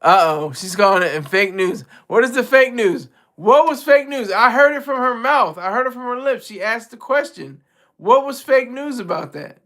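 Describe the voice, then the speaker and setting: Male streamer host, high and bright, animated casual commentary with lots of restarts. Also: normal speed. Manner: animated, repeats and restarts phrases.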